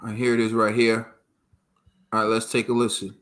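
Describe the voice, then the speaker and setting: A man's voice: on the low side, monotone, normal speed, fairly bright tone. A man from the United States hosting a boxing podcast, chatting casually and teasingly in slang. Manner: slangy, teasing, says yo and bro. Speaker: podcast host. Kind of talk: casual chat.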